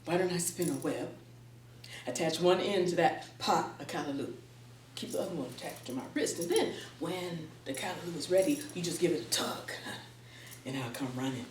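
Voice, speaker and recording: A woman's voice: low voice, moderate pace, a little hiss or hum, pitched below the performer's own voice, lightly acted. A greedy trickster spider in a spoken folktale, as a woman puts him on, coaxing and overly polite. His voice sounds distant and roomy. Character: Anansi, a greedy, sly male spider trickster.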